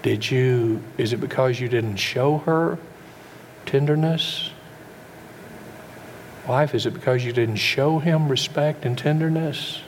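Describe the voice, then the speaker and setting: A man's voice: mid-range voice, takes it slowly, pauses often, a little hiss or hum. Folksy middle-aged male pastor, sermon delivery, keeps asking the congregation questions.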